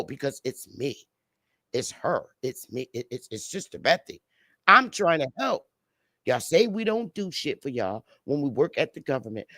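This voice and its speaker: A woman's voice: low voice, a bit bright, dry recording. A woman speaking as a panelist on a live stream, delivering a heated, blunt and profane rant over a video call. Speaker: livestream panelist.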